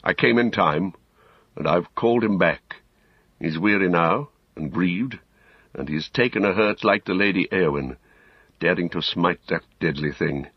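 A man reading, voicing a gentle, wise king and healer who speaks calmly and solemnly. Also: sits low, a little slow, breathy edge, dry recording, muffled recording, exaggerated voice. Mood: solemn, kind. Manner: calm, solemn, reassuring. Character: gentle kingly male healer, calm and wise.

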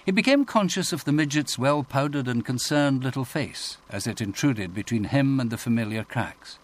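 A man narrating an audiobook in a measured, expressive reading voice. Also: mid-range voice. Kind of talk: scripted narration.

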